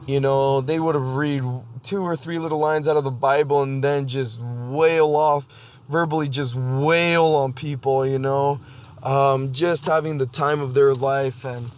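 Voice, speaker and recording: A man hosting a solo podcast monologue, blunt and profane, halting and restarting as he talks. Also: mid-range voice, steady tone, smooth. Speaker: podcast host.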